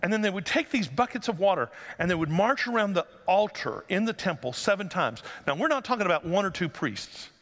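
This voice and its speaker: A man preaching a sermon as pastor, conversational and joking, then rising to loud emphatic passages. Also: sits high, animated, fairly quick, hardly any pauses, big-room sound.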